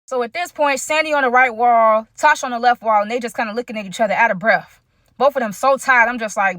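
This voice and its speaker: A woman telling a story in a casual, animated vlog style, chatting straight to her viewers. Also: a little high, fast, dry recording, clean studio sound. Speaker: storytime vlogger.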